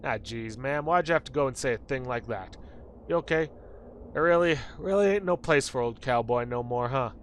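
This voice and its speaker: A man's voice: mid-range voice, moderate pace, a little hiss or hum, close to an everyday voice. A man doing a drawling old cowboy. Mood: dismayed. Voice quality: folksy drawl. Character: old drawling male cowboy, mournful and outdated.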